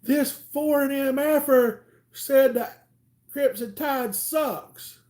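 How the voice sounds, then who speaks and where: A man voicing his agitated young buddy, shouting indignantly in a high, raised voice. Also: takes it slowly.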